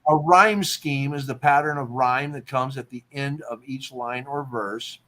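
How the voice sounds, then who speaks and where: Male host, mid pitch, easygoing teacher-like explainer on a casual podcast. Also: measured pace, sharp tone. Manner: explains terms, checks in with "okay?". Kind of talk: casual poetry talk.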